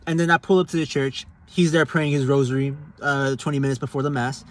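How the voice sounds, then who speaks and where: A man's voice: medium pitch, fairly even intonation, fast. A man giving a casual spoken testimony about his faith, talking earnestly with casual slang and loose, restarting sentences. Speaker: Catholic giving a personal testimony.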